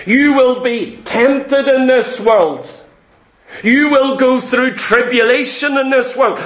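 High-voiced man preaching in an echoey church. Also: takes it slowly, a bit bright. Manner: emphatic, repetitive, quotes imagined complainers. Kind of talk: sermon. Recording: echoey room.

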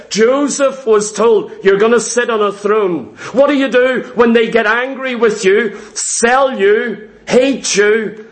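High-voiced man preaching, emphatic, repetitive, rhetorical questions. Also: a bit bright. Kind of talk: sermon.

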